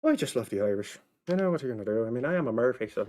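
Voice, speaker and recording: A man's voice: mid-range voice, big pitch swings, rapid-fire, few pauses, darkish tone. A man chatting in a casual solo vlog at home, rambling playfully with asides to viewers while he waits around. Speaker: vlogger and actor. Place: at home, indoors.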